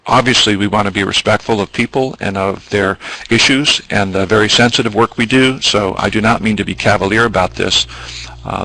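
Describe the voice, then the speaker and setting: A man's voice: fairly low pitch, pushed and bright, rough recording. A man presenting a business training webinar, explaining at length with ums and asides.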